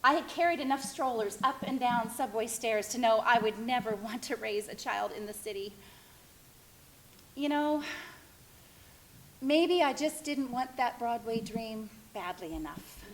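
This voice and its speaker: Expressive higher-voiced woman storyteller. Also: unhurried, rough recording. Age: middle-aged. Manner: expressive, wistful, self-reflective. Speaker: performer telling her life story. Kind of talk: theatrical one-woman monologue. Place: stage.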